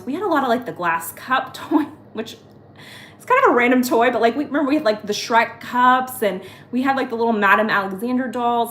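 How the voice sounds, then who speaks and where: A woman in her thirties hosting a casual live-stream haul, chatty and excitable as she talks to viewers by name. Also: medium pitch, slight background noise. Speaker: host. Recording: echoey room.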